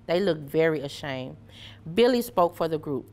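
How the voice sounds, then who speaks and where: Woman storybook reader, clear and measured, slightly low pitch. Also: lively intonation, a little mellow. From Memphis area, USA. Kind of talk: reading a children's story aloud.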